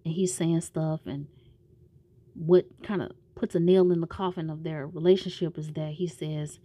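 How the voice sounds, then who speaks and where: A woman's voice: deep voice, fairly even intonation, moderate pace, warm tone, dry recording. A woman casually recapping a TV show in a slangy, rambling way, with some profanity.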